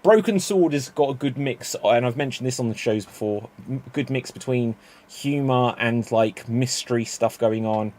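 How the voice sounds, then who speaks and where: A man's voice: mid-range voice, moderate pace, darkish tone. Chatty male improv show host. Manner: chatty, rambling with fillers. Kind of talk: casual livestream hosting.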